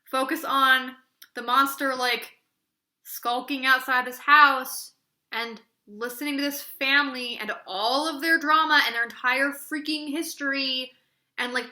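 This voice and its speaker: A woman's voice: high-pitched, bright, forceful tone. A woman reviewing books in a casual video, sarcastic and rambling, filling her talk with "like". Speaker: book reviewer. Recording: echoey room.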